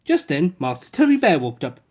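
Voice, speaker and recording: Expressive woman reading a children's story. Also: low voice, brisk. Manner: expressive, lilting. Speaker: storybook reader. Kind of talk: children's story read-aloud.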